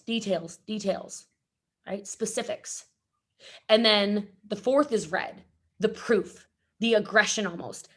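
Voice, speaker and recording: A woman giving an energetic motivational talk at an event, chatty and rambling, often breaking off to laugh. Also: medium pitch. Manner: chatty, rambling, self-interrupting, laughs a lot. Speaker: event speaker.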